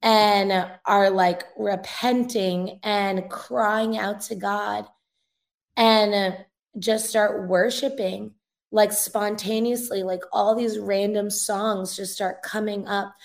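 A young woman guest with a gravelly, slightly fried texture, her pitch sitting in an ordinary middle range. She talks through an earnest, emotional testimony in a loose conversational way, as a revivalist minister being interviewed. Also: steady tone, takes it slowly.

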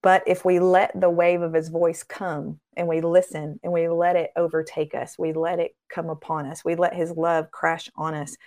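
A woman speaks as a guest on a faith podcast in an earnest, sermon-like way. Her voice sits a little low. She builds her points through rhythmic repetition and acts out quoted voices in a raised tone. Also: level tone, moderate pace, hardly any pauses, darkish tone. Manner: earnest, preacherly, builds in repeated phrases. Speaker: podcast guest, ministry founder.

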